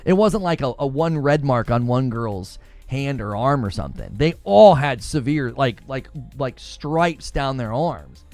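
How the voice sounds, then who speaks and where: Casting: middle-aged male podcast host, lively swooping pitch, heated chatty storyteller, soft music underneath. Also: a little slow, hardly any pauses, dry recording. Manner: animated, heated storytelling with many restarts. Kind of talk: casual chat.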